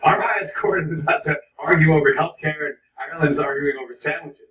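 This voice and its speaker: A man's voice: on the high side, fairly bright tone, a little hiss or hum. A man hosting a late-night show, delivering a joking comedy monologue in a TV studio. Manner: joking, quick asides. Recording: dull, distant, roomy audio.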